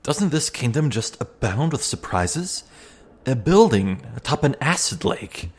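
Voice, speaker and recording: A man reading the lines of a calm, pensive male bug explorer in a video game, in a reflective, musing way close to his own voice. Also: medium pitch, measured pace, slightly rough. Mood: wistful.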